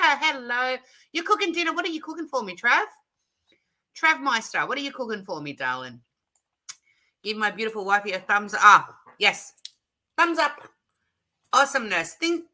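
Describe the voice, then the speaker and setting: A woman's voice: a little high, sharp tone. An Australian woman hosting a live craft stream from her craft room, chatty and bubbly, laughing often as she greets people. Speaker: livestream host. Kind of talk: casual live chat greeting viewers.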